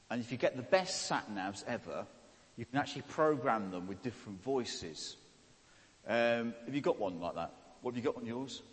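Male preacher, chatty and jokey, asks the room questions, long hall reverb. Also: mid-range voice. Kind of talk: sermon. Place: church hall.

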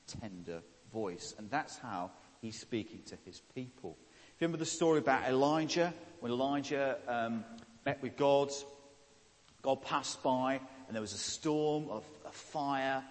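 A man preaching a sermon in a chatty, joking way and asking the congregation questions. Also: mid-range voice. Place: church hall. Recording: long hall reverb.

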